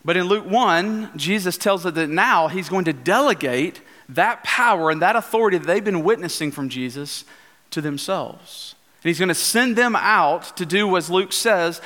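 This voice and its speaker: A male pastor giving an earnest sermon in a church, at times slowing into a hushed prayer. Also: high-pitched, expressive. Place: church sanctuary. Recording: church hall reverb.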